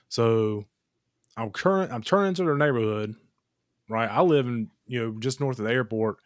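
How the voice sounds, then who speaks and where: A man's voice: mid-range voice, normal speed, dry recording, studio quality. Blunt, profane man telling a story. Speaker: podcast host. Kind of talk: casual storytelling chat. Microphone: podcast microphone.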